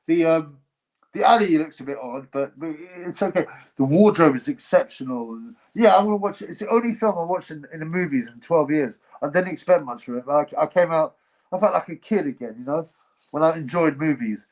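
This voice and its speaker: A man's voice: on the high side, lively intonation, a little fast, a little mellow, poor audio. A man hosting a casual livestream, reading chat comments and giving blunt, rambling opinions. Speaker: livestream host.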